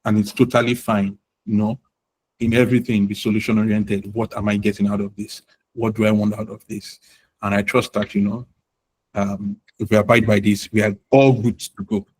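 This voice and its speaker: A man leads a live online class in a somewhat low voice. He is encouraging and relaxed, filling his pauses with "um" and "you know". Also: breathy edge, poor audio. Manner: encouraging, uses many fillers and "you know". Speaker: product management instructor.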